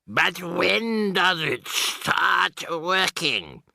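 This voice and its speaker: A man doing a chorus of fawning witches, chanting praise in a high, swooping voice. The tone is gravelly and bright, and the lines are drawn out slowly. It is a dry storybook recording. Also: sing-song, no echo, full character voice. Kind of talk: audiobook character voice.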